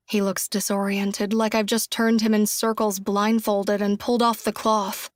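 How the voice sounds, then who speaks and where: A woman's voice: mid-range voice, little pitch movement, measured pace, few pauses, no room sound. A woman giving intense, emotional first-person narration of a thriller audiobook on a close studio mic.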